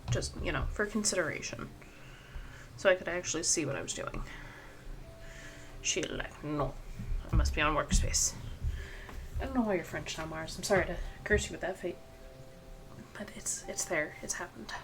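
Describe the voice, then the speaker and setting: A woman's voice: lowish voice, moderate pace, pauses often. A young woman streaming her drawing session, chatting playfully and fondly to her cat at her home workspace. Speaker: art streamer. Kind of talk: casual chat while drawing. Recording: clicking noise in background.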